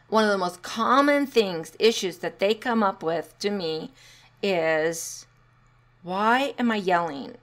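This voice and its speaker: A middle-aged woman hosting a casual solo podcast as a parenting coach, chatty and encouraging, with sarcastic asides. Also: medium pitch.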